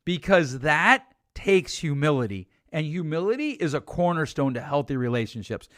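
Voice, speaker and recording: A man's voice: on the high side, animated, normal speed, a bit bright, no room sound, clean studio sound. A middle-aged man hosting a solo relationship advice podcast, blunt and emphatic as he urges listeners to change. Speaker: podcast host.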